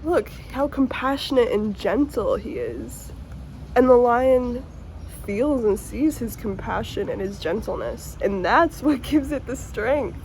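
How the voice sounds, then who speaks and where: A woman's voice: fairly high pitch, animated, unhurried, a little mellow, a little hiss or hum. A woman giving a casual, emotional tarot reading to her viewers, earnest and swearing now and then, at times close to tears. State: tearful at times. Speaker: tarot reader.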